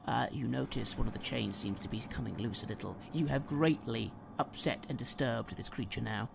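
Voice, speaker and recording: A game master with a gravelly, rough-edged voice narrating a tabletop game. The narration is descriptive and dramatic. Faint noise runs in the background. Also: mid-range voice, normal speed, hardly any pauses.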